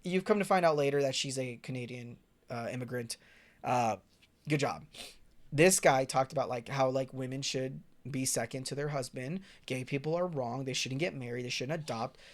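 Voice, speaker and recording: A man's voice: medium pitch, moderate pace. A young man giving profane, sarcastic reaction commentary in a casual rant. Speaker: commentary streamer.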